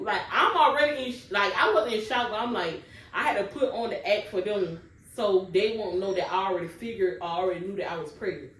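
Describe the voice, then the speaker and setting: A woman's voice: medium pitch, expressive, brisk. Young woman, casual storytime vlogger, talks right to her viewers, distant mic in an echoey room. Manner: chatty, keeps addressing viewers directly. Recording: roomy, distant mic, faint background noise.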